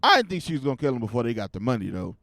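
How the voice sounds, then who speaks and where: A man hosting his own podcast, giving casual commentary in a profane, animated rant. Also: mid-range voice, racing, vocal fry, no room sound, clean studio sound. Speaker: podcast host.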